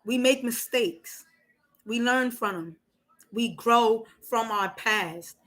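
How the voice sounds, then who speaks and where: A woman's voice: fairly high pitch, slow pace, a bit bright, poor audio. A woman hosting a casual live stream, talking emotionally and candidly and swearing freely.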